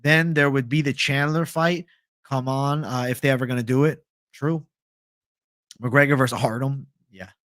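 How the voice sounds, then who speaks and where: A man's voice: mid-range voice, steady tone, normal speed, fairly bright tone, dry recording, clean studio sound. A young man casually chatting on a livestream, swearing freely and answering viewer comments. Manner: casual, profane, reads viewer comments aloud. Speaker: livestream host.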